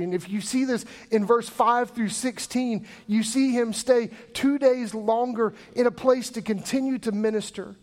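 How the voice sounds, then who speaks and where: In a church sanctuary, a male pastor with a high-sitting voice preaches a sermon. He tells the story in an animated way, acting out the voices of the people in it.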